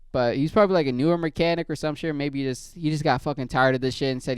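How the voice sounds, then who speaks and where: A man casually telling a rambling, profane story as a podcast host, in a low-key way. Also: fast talker, hardly any pauses, clear, resonant tone, no room sound, studio quality.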